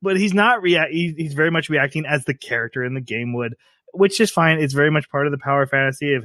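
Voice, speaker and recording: A man's voice: on the high side, fairly bright tone, no room sound. Thoughtful man in a dry recording. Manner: critical, thoughtful, quick to laugh. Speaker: podcast co-host. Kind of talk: casual discussion.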